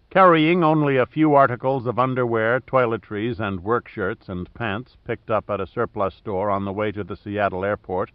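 A man narrating an audiobook in a steady, even-paced voice at an ordinary pitch. The recording is dry, with no room sound, and a bit dull and muffled in tone. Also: no echo. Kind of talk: scripted narration.

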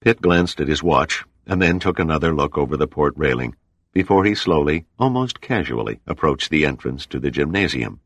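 Very deep-voiced male audiobook narrator. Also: animated, moderate pace, no echo. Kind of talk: scripted narration.

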